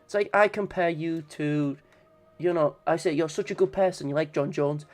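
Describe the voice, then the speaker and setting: A man's voice: high voice, brisk, faint music behind. Sweary man bantering on stream. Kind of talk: casual live-stream chat.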